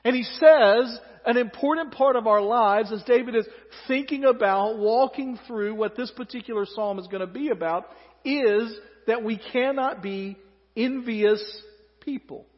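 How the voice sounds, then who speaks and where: Southern pastor, high-pitched, chatty sermon delivery, long hall echo, dull lo-fi sound. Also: male voice, a little slow. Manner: conversational, joking asides.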